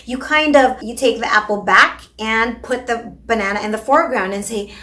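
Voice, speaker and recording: Bright, high-voiced woman teaching parents. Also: normal speed. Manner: animated, exaggerated sing-song when modeling words for a child. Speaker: speech therapist teaching parents. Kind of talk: instructional video for parents.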